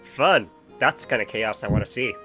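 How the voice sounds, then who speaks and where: A man's voice: lowish voice, fairly quick, sharp tone, faint music behind. A man chatting during a game stream, laid-back, with short reactions and questions. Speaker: fellow player. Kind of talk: casual chat while gaming.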